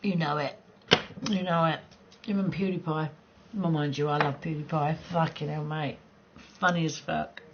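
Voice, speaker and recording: A woman's voice: sits low, steady tone, normal speed, pauses often, highs cut off, noisy background. A middle-aged woman chatting casually with viewers on her live gaming stream, rambling, laughing often and swearing freely.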